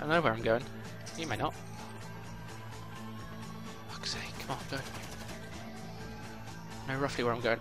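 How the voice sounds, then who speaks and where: A young man commentating his own gameplay, swearing often and boiling over in frustrated outbursts. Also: mid-range voice. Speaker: gaming YouTuber.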